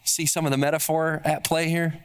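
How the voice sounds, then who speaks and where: A man's voice: a little high, flat delivery, fairly quick, smooth. A man preaching a sermon as pastor, emphatic and building on repeated rhetorical questions.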